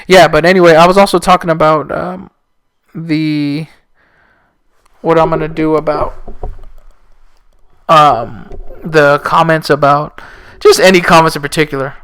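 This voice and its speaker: A man's voice: fairly high pitch, steady tone, unhurried, pauses often, fairly bright tone, smooth. A man who teaches and hosts a fitness podcast, talking casually in a rambling, sarcastic way. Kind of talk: casual solo podcast talk.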